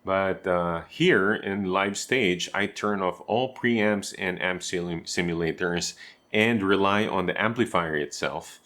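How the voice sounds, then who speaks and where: Male guitarist, low voice, relaxed home-room tutorial delivery, talks the viewer through it step by step. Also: takes it slowly. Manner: chatty, explains step by step with asides to the viewer. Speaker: guitarist and teacher.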